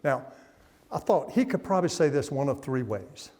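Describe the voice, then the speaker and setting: A man's voice: mid-range voice, very animated, brisk, dark tone. A middle-aged man preaching a revival sermon in a church, telling the story folksily and putting questions to the congregation. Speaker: guest preacher. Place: church sanctuary. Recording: long hall reverb.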